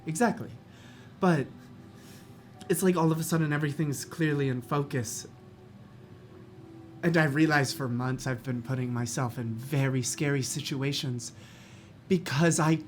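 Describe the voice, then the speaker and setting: A player talking earnestly in character at a tabletop game, laughing now and then. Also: mid-range voice. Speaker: player voicing her character. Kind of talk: in-character tabletop role-play.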